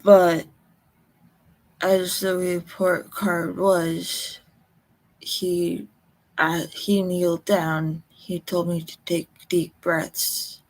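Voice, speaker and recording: Woman, low flat voice, gravelly, slow halting personal story, near tears. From Colorado. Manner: slow, halting, emotional recollection. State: close to tears.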